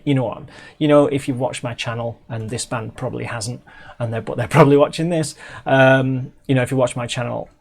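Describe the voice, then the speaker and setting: Reviewing a music video in a relaxed, chatty way, this middle-aged man from England has a husky mid-range voice with vocal fry. He breaks off often, starting sentences over and leaning on lots of ums.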